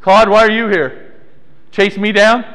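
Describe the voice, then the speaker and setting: A man's voice: sits high, flat delivery, a little slow, fairly bright tone. A man preaching a sermon as pastor of a small church, playful and teasing members of the congregation by name. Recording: long hall reverb.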